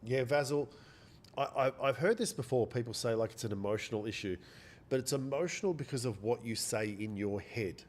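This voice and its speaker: A man runs a day trading livestream, talking in a relaxed way, repeating himself and replying to viewers by name. He speaks fairly quickly at a medium pitch.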